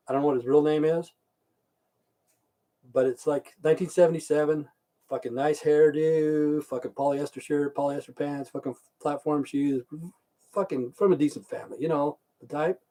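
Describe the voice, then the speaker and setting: A man in his fifties spins a long, crude story full of swearing and repeated lines. His voice is mellow and dark, pitched a little high for a man, with a loose rambling pace. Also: steady tone, moderate pace. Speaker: livestream host.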